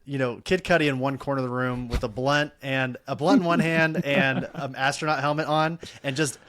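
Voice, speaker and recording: A man's voice: mid-range voice, steady tone, brisk, fairly bright tone. A man guesting on a comics podcast, telling a playful, jokey bit. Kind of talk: casual chat about comics.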